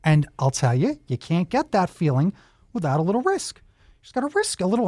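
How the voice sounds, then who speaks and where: A man's voice: a little high, wildly swooping pitch, brisk, darkish tone, dry recording, clean studio sound. A man hosting a talk show who interviews children in an enthusiastic, encouraging way and offers them advice. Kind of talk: upbeat interview with kids.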